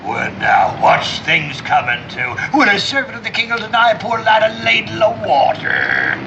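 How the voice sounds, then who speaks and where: A crafty old sea captain. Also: male voice, high voice, wildly swooping pitch, normal speed, vocal fry, noisy background, heavily acted. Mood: scheming, gruff. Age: older. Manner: salty sailor slang, blustery. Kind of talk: 1960s TV drama acting. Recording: muffled old TV soundtrack with music.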